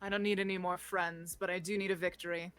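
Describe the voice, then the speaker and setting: A woman's voice: fairly low pitch, flat delivery, fast talker, a bit bright, natural voice. A woman playing a stern, proud knight lord. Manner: formal, commanding.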